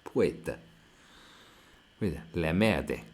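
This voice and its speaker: A man's voice: low voice, lively intonation, slow pace, gravelly. A young man streaming live, ranting crudely and mocking the video in front of him, laughing often. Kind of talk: profane ranting reaction stream.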